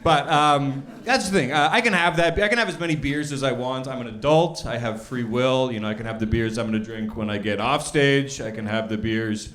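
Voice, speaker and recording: A man's voice: medium pitch, brisk, few pauses, a bit bright. Dry self-deprecating young male comic. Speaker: stand-up comedian. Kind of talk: stand-up set. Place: comedy club stage. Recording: live club recording with audience noise. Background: audience laughter.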